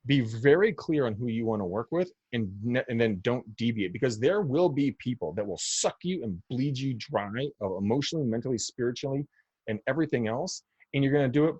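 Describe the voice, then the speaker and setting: An American real estate agent guests on a podcast interview, speaking bluntly, emphatically and snarkily and often repeating words. His mid-range voice is expressive, fairly quick, dark and husky, with no echo but dull audio.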